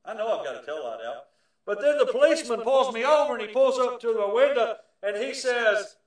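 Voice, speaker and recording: A man preaching a sermon, emphatic and shifting from loud declarations to hushed asides. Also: high-pitched, animated, brisk. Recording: echoey, from far off the mic.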